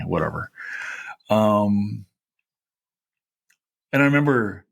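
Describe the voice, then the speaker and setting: A man's voice: deep voice, creaky, fairly bright tone, slightly rough. A man from Kentucky, a historian host, telling a personal story in a rambling, heartfelt way, full of "you know" fillers. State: tearful at times.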